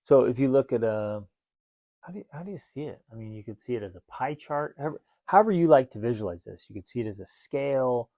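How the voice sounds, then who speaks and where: A man's voice: medium pitch, fast talker, dry recording. A middle-aged man co-hosting a casual parenting podcast, talking animatedly and acting out bits of dialogue. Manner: animated, acts out quoted dialogue. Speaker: podcast co-host.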